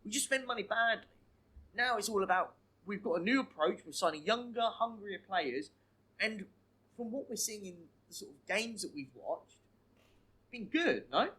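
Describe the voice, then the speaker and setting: Male podcast co-host, high voice, animated, opinionated, keeps restarting sentences. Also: moderate pace, poor audio. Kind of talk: casual football podcast chat.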